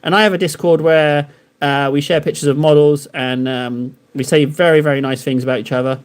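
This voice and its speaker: A man's voice: a little high, fairly even intonation, brisk, clean tone. Rambling man bantering with live chat. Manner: self-deprecating. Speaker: live streamer painting miniatures. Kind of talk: casual live-stream chat while painting.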